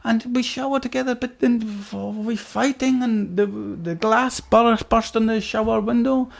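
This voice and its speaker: Give me a man mimicking a Swedish prisoner in broken English, voice pitched up high. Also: vocal fry. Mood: shaken. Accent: Swedish, put on badly. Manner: halting, shaken, broken English.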